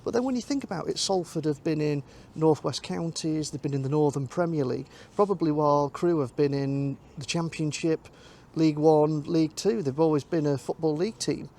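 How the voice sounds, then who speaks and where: A man's voice: a little high, fairly quick, vocal fry, warm tone. A man vlogging while out and about, chatting casually about a football trip and thinking aloud with ums, recorded on a handheld camera mic outdoors. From North West England. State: a bit out of breath while walking. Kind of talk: casual vlog chat. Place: outdoors, walking to a station.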